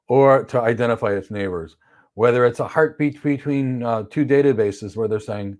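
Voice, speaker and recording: A cloud certification instructor answers viewer questions about cloud architecture during a livestream lesson, bluntly and with firm opinions. His voice is a typical middle pitch for a man, with a darkish tone, and now and then he acts out quick examples in playful voices.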